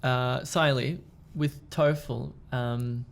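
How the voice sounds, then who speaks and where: A man co-hosting a casual chat, with a gravelly, creaky edge to his voice. He talks in a relaxed, halting way, with frequent ums and restarts while he works out his questions. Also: medium pitch. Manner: relaxed, hesitant with many fillers and restarts. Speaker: podcast co-host. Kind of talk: casual discussion.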